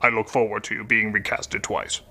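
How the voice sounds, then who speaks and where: A middle-aged man hosting a comedic movie review, sarcastic and animated. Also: on the low side, moderate pace, a little hiss or hum. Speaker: host, film critic.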